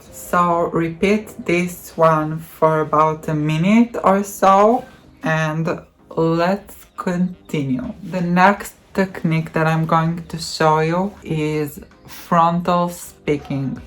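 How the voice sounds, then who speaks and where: A woman teaching voice exercises, demonstrating hums and counting in a slow, patient way. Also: deep voice. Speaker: voice coach. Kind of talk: voice training tutorial.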